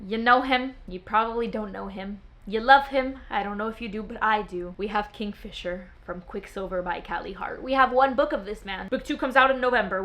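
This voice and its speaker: A woman's voice: on the high side, bright, forceful tone. A young woman chatting to camera as a book vlogger, gushing and dramatic as she swoons over favourites. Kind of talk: casual chat to camera.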